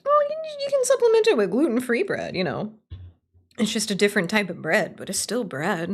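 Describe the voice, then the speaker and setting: A woman's voice: mid-range voice, very animated, fairly quick. A woman streaming live, chatting casually in a blunt, opinionated, heavily profane way while answering her chat. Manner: playful, answering chat as she talks.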